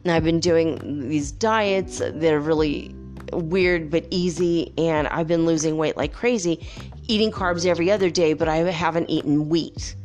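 Woman, lowish voice, chatty vlog storytelling, rambling, faint music behind. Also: measured pace. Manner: animated, rambling, with playful whoops and laughs. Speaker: vlogger. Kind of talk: casual storytelling to viewers. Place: home by the Pacific.

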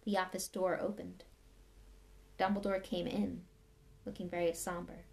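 A woman reading a novel aloud with expressive, measured storytelling. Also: on the low side, creaky. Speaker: reader.

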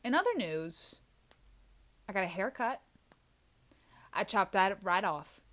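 A young woman vlogging in a rambling, scattered way, goofy and self-mocking, with sudden loud outbursts. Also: medium pitch, big pitch swings, slow. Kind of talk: rambling casual monologue.

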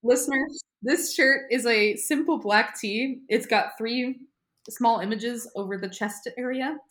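A young woman co-hosting a podcast, recapping an episode in animated, sarcastic casual chat. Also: on the high side. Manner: animated, sarcastic, quick to laugh. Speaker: podcast co-host.

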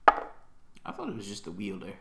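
A man's voice: fairly low pitch, wildly swooping pitch, normal speed, vocal fry, very noisy. A man playing in a tabletop game, asking hesitant questions about the scene. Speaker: player.

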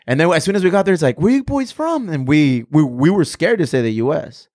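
Profane, animated storyteller man from SoCal. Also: on the high side, fast, no room sound, studio quality. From Southern California. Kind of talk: casual chat.

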